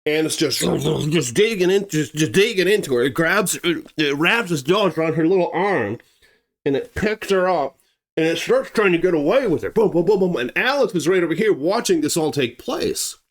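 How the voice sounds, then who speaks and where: Male storyteller, conversational, emphatic delivery, slightly high pitch. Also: lively intonation, normal speed. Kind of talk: dramatic true-story narration.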